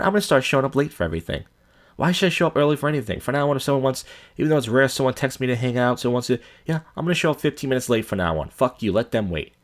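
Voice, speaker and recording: A man hosting a podcast and ranting casually and profanely. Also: fairly low pitch. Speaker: podcast host.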